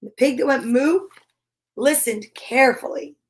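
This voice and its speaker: Lady reading a kids picture book slow and playful, high voice, does the animal noises. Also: breathy edge. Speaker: children's storyteller.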